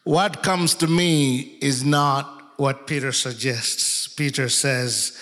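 A man preaching a sermon, telling the story in an animated way with acted quotes. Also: medium pitch, takes it slowly, big-room sound. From Uganda. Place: church.

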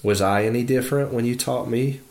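A man reading the lines of a calm older male mentor. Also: medium pitch, brisk, natural voice.

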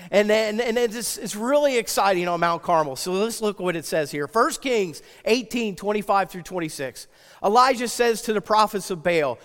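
A man preaching a sermon as pastor, swinging from loud, excited storytelling to hushed, intense appeals. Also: sits high, in a large hall.

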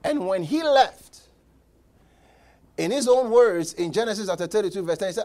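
A man preaching a sermon as pastor, emphatic, with repeated words and dramatic pauses. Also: high voice, expressive, darkish tone.

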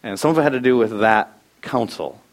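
Male pastor, middle-aged, sermon, lively storytelling, mid-pitched voice. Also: brisk. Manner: storytelling, animated, acts out quoted voices.

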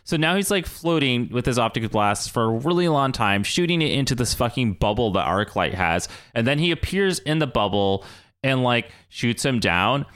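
A podcast co-host in casual recap chat, animated, swearing freely and acting out quotes from the episode. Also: mid-range voice, normal speed, clean tone.

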